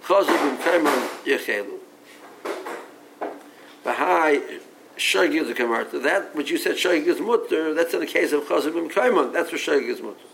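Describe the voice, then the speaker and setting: A man's voice: fairly high pitch, expressive, normal speed, vocal fry, noisy background. A man giving a Talmud study lecture, reasoning aloud and mixing English with Aramaic and Hebrew terms, often repeating himself as he restarts sentences. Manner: frequent restarts and repeated words. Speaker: Talmud teacher.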